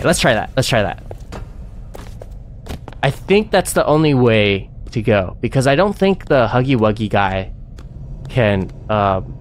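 A man's voice: mid-range voice, a little hiss or hum. A man streaming himself playing a horror game, talking to himself with panicky yelps and nervous laughs. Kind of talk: let's-play commentary.

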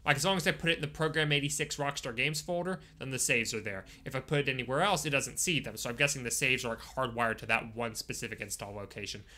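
A man giving casual live-stream commentary while playing a game, chatting with viewers and breaking into sudden excited outbursts. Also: medium pitch, fast talker, few pauses. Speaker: gaming streamer.

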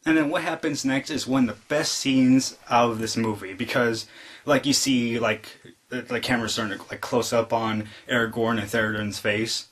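A man talks through a movie review in a relaxed, unscripted way. His voice sits at an ordinary middle pitch. He leans on constant fillers and breaks into eager bits of acting out what the characters say. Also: moderate pace. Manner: rambling retelling full of "like" fillers; excitedly re-enacts quoted lines. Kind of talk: casual spoken film review.

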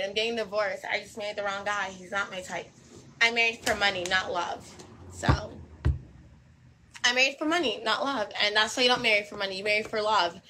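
A woman's voice: a little high, sharp tone, slight background noise, poor audio. A young woman in a casual monologue to camera, talking in a brash, combative and repetitive way and swearing freely.

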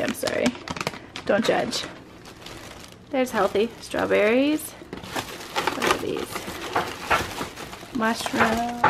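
A woman's voice: fairly high pitch, vocal fry, heavy background noise. A woman recording a casual family vlog on a handheld camera, chatty and giggly, with a nasal voice from a cold, talking sweetly to her children. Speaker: family vlogger.

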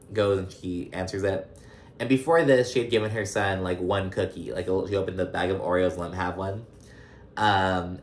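A man's voice: low voice, a little hiss or hum. A man recapping a reality show in casual, profane commentary full of fillers. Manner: chatty, profane, lots of fillers. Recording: roomy echo.

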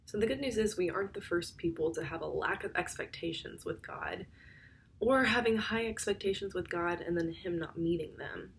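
A woman's voice: lowish voice, moderate pace, slight background noise. A woman giving a conversational youth sermon, with wry, sarcastic asides.

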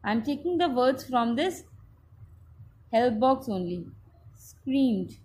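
Slow, patient woman teaching a class. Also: fairly high pitch, animated, darkish tone, a little hiss or hum. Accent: Indian English. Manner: slow, patient, spells out each step. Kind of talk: online class lesson.

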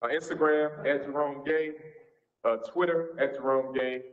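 Southern pastor, 40s, laid-back preachy talk, echoey church, kinda muffled sound. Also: male voice, on the high side, steady tone, a little slow. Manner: folksy, informal preacher's talk. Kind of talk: seminar teaching with Q&A. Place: church sanctuary. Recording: echoey, dull church recording.

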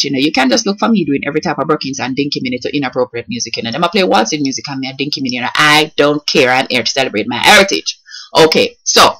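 A Jamaican woman hosting a comedic vlog, her voice swinging widely up and down as she talks. She is animated and slips easily between standard English and patois. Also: extremely low pitch, rapid-fire, breathy edge. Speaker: comedic vlogger.

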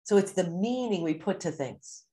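A woman mindset coach giving an animated teaching talk to a course group, acting out the inner voices people hear. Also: on the low side, moderate pace.

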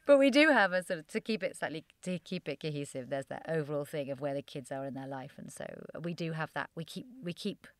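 Excitable rambling woman. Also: low-pitched, fast, few pauses, no echo. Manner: excitable, rambling, laughs often. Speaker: guest comedy writer. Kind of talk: casual podcast chat.

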